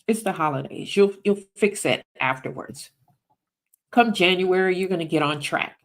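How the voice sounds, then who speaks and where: Woman voicing a soft whispering tempter. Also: on the low side, normal speed, natural voice. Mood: coaxing. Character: whispering tempter spirit coaxing spending.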